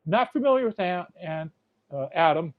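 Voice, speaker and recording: A man's voice: high-pitched, expressive, normal speed, dull audio. A man hosting a podcast, ranting in a blunt, profane, rambling way. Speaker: podcast host. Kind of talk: casual rant.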